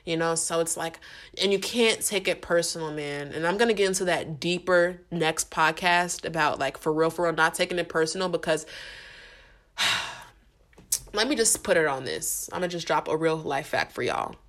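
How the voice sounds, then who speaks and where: With a lowish, fairly bright voice at a moderate pace, a woman hosts a podcast centered on faith. Her talk is casual and sincere, full of slang and repetition, aimed right at her listeners, and she is getting emotional.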